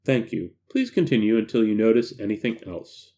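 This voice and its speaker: A man voicing a calm male researcher who gives flat, clipped orders. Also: lowish voice, brisk, voice pushed down.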